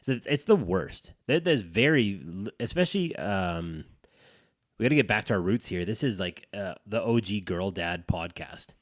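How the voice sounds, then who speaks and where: A man's voice: fairly low pitch, expressive, normal speed, no echo, clean studio sound. A man co-hosting a dads' podcast, telling a rambling, profane story in casual chat. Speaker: podcast co-host.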